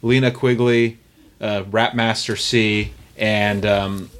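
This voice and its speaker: A man co-hosting a casual movie podcast, speaking in a measured, matter-of-fact way with fillers. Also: lowish voice, flat delivery.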